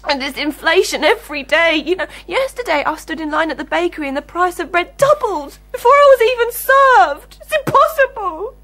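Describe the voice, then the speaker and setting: This is a flustered young assistant stage manager in her twenties in a radio drama. She talks in a nervous, apologetic way, and her voice sits high. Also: expressive, brisk, few pauses, sharp tone, full character voice. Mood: tearful. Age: 20s.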